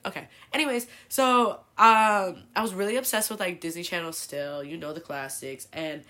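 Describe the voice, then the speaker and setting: Chatty woman with a bright, low-set voice. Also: moderate pace. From El Sobrante, California. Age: 20s. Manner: chatty, profane, oversharing, filler-heavy. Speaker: podcast host. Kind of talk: casual confessional storytelling.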